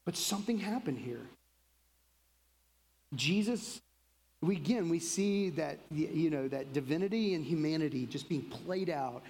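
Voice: medium pitch, a little slow. Pastor preaching in a reverberant hall. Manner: conversational, acts out quotes in lively voices. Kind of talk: sermon.

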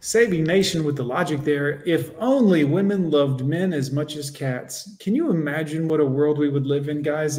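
A man's voice: a little high, a little mellow. Sarcastic man mocking a clip. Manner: mocking, sarcastic, crude asides to viewers. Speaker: host. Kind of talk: livestream reaction commentary.

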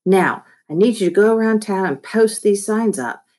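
A woman's voice: mid-range voice, lively intonation, moderate pace, darkish tone, voice pushed up, close to an everyday voice. A woman voicing a bossy young boy. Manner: bossy, bratty, emphatic.

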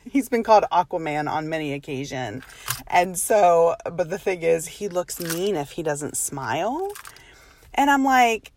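Woman, 30s, low voice, dry close sound; chatty, self-deprecating storyteller who laughs a lot. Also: no room sound. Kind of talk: casual personal storytelling.

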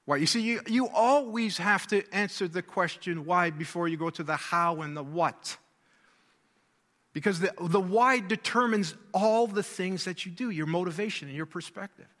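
A man with a high, bright and forceful voice delivers a sermon. He presses his points by repeating key words and asking rhetorical questions, and long reverb from a large hall trails each phrase. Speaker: preacher.

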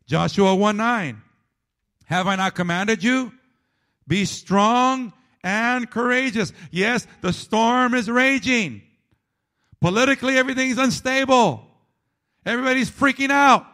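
A man preaching a sermon, emphatic and repetitive, dropping to a low, quiet delivery at times. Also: measured pace.

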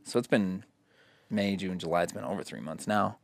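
A man telling a story in a casual, profane, animated way, acting out quotes as he goes. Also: low voice, moderate pace, vocal fry, dry recording.

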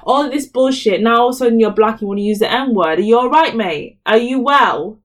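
A woman's voice: on the high side, fairly quick. A woman co-hosting a podcast, talking bluntly and animatedly in casual chat and laughing often. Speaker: podcast co-host.

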